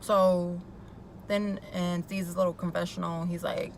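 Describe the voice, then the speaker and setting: A woman's voice: fairly low pitch, level tone, unhurried, a little hiss or hum, low-quality recording. A young woman casually recapping a TV episode, gossipy and opinionated, with chatty asides. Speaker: YouTube recap vlogger.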